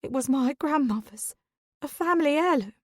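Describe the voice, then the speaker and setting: A melodramatic woman sobs and shrieks in a high, piercing voice, all injured pride. A woman narrator acts her out in close, dry audiobook sound with no room around her. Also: very animated, a little slow, a little mellow, dry recording. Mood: tearful, outraged. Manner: shrill, wailing, theatrical. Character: distraught middle-aged woman, melodramatic and tearful. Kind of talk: audiobook character voice.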